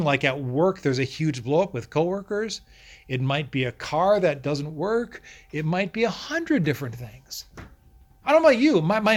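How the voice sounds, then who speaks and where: Middle-aged guy preaching in english, kinda high voice, fires questions at the crowd. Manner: animated preaching with rhetorical questions. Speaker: pastor. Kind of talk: sermon.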